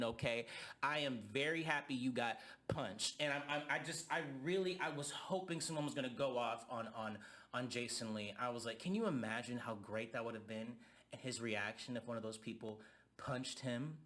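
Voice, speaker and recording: A man's voice: medium pitch, pushed and bright. A young man giving a heated, profane rant reviewing a reality TV reunion. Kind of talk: ranting commentary.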